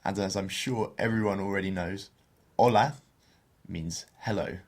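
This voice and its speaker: A man co-hosting a beginner Spanish podcast, explaining phrases and slowing down to model pronunciation. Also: deep voice. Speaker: podcast co-host teaching Spanish.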